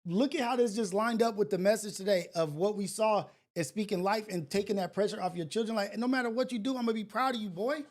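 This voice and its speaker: A man hosting a casual livestream, talking to viewers directly in an emotional, preachy way that swings between loud and soft. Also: sits high, quick pace, few pauses. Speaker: livestream show host.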